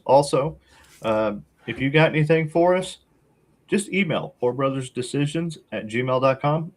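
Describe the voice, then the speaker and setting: A man co-hosting a casual podcast, talking in a laid-back, rambling way with lots of fillers and a wry, sarcastic streak. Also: medium pitch. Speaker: podcast co-host.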